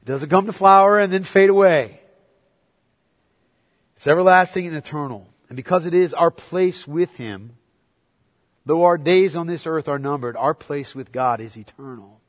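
A man preaching a sermon as pastor, swinging between quiet, low reflection and loud, excited exhortation. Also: moderate pace. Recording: long hall reverb.

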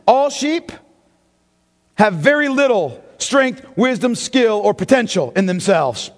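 A man preaching a sermon in a church, impassioned and swinging between loud and hushed delivery. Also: very high voice. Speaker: pastor. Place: church sanctuary. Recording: long hall reverb.

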